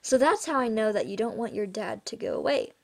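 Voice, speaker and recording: A woman doing a quiet, husky-voiced boy. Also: a little high, animated. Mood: earnest. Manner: quiet, halting and earnest.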